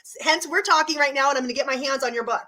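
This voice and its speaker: A woman's voice: high-pitched, racing, pushed and bright. A woman hosting an interview, enthusiastic and chatty with filler words. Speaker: podcast host. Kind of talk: casual interview chat.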